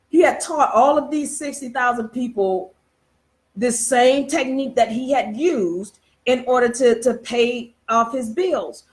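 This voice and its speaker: A woman hosting a casual live-stream talk, telling a parable at a meandering pace with many fillers, restarts and rhetorical questions. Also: on the high side.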